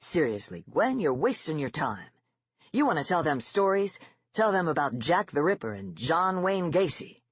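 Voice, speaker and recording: Narrator doing a gruff, sneering army sergeant. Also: medium pitch, very animated, moderate pace, dry recording, lo-fi sound. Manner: sneering, harsh, sarcastic.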